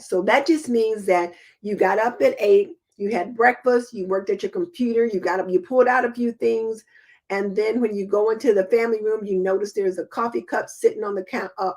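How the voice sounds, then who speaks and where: Middle-aged woman host, casual live-stream chat, homey and practical, mid-pitched. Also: a little mellow.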